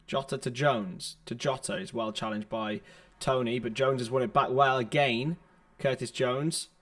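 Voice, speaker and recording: On a laptop's built-in microphone, a young male streamer gives running football play-by-play mixed with friendly chatter for his viewers. His voice is mid-range and fairly bright, with a steady tone at normal speed.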